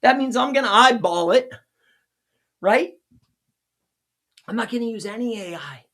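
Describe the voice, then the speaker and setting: A man hosting a casual live teaching stream as a consultant, talking in an excitable, rambling way, laughing at his own jokes, his voice sounding strained. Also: extremely high pitch, measured pace. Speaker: local SEO consultant and livestream host.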